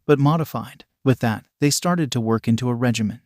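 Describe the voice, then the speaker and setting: A man narrating a fan story in a plain, even reading voice. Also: medium pitch, fast, no room sound, studio quality.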